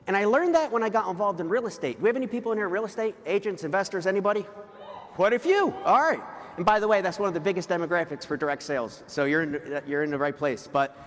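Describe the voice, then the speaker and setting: A middle-aged man speaks from a stage, his voice sitting high for a man. He talks emphatically and confessionally, often pushing up into shouts. His voice carries through the long reverb of a big event hall. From New Jersey. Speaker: motivational speaker. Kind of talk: live stage talk to an audience.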